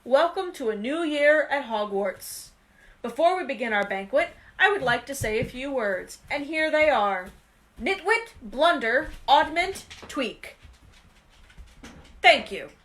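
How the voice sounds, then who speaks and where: A woman voicing an eccentric older male wizard headmaster giving a loud, jolly welcome. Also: high voice, expressive, takes it slowly, full character voice, rough recording. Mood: jovial.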